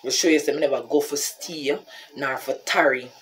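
A woman's voice: rumbling low, moderate pace, slight background noise. A woman with a Jamaican accent telling a story on her vlog, talking to her viewers and calling them "people". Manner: animated, keeps addressing viewers as "people". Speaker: vlogger.

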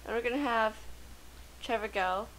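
Excitable woman gamer, high voice. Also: normal speed, slight background noise, poor audio. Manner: chatty, excitable, gasps and laughs often. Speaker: let's play gamer. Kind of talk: casual gameplay commentary.

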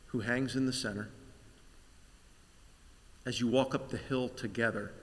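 Male pastor, guided meditation, very slow and hushed, church reverb. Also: mid-range voice. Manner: slow, vivid second-person storytelling, sinking to whispers. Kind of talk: guided Good Friday meditation. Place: church sanctuary.

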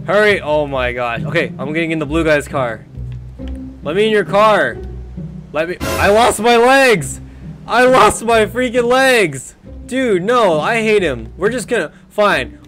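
Excitable young man over loud music. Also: on the high side. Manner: excitable, jokey, yelling at other players. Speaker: gaming video creator. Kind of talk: casual gameplay commentary.

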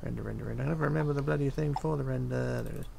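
Gravelly English man chatting over a game. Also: mid-range voice, racing, noisy background. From England. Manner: chatty, teasing, muttering asides. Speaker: co-host streaming a building game. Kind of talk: casual chat while gaming.

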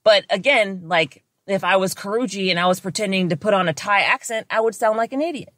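A woman co-hosts a podcast in loose, casual chat. She talks bluntly and swears freely, with animated disbelief in her mid-range voice. The sound is dry and close. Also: medium pitch, brisk, no room sound. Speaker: podcast co-host.

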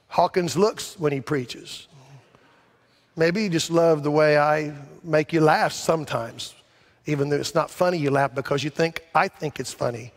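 Man preaching in an echoing sanctuary. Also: fairly high pitch. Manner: conversational preaching with rhetorical questions, rising to emphatic peaks. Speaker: pastor. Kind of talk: sermon. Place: large church sanctuary. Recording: long hall reverb.

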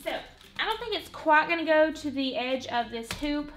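A woman's voice: high-pitched, lively intonation, moderate pace, faint music behind. A woman giving a casual, rambling craft tutorial at home, saying "y'all" and "literally" a lot. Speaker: craft vlogger. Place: home, working on a wall hanging.

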